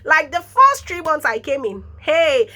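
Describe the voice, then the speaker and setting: A Nigerian nurse in her thirties tells animated stories in a casual vlog, laughing often and tossing in pidgin interjections. She speaks Nigerian English in a high voice at a measured pace.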